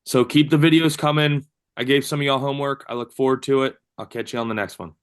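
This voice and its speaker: A man's voice: mid-range voice, fairly even intonation, fast talker, clean tone. Chatty male strength coach on a video call. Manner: loose and chatty, many fillers and restarts.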